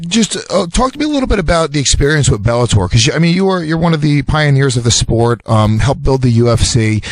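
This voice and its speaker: A man's voice: mid-range voice, dry recording. A male co-host asking questions in a loose, casual way with plenty of filler words. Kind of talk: radio interview.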